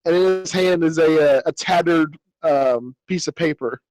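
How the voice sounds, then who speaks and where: A man narrates a tabletop game as its game master, with a slightly raised pitch. He rambles, filling gaps with ums and circling back to restart his sentences. The sound is dry and close. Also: moderate pace, darkish tone, no echo, poor audio. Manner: rambling, with many fillers and restarts.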